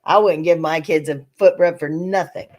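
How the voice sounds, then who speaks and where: Older lady just chatting, lively stories, laughs a lot. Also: low voice, normal speed. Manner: lively storytelling with laughter, acting out voices. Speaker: channel host. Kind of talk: casual chat.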